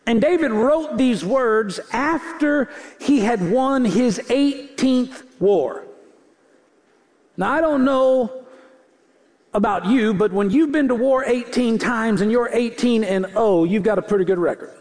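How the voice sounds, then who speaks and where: A man's voice: very high-pitched, slow pace, darkish tone. A man preaching a sermon as pastor, with emphatic, rhythmic repetition. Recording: long hall reverb.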